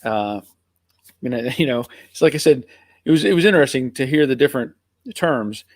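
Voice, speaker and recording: Man, middle-aged, American accent between North and South, rambling live-stream host, casual chat, mid pitch, dry close sound. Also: lively intonation, fairly quick, no echo. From Pennsylvania, USA. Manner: rambling, easygoing, chuckling. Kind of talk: casual live chat reading viewer comments.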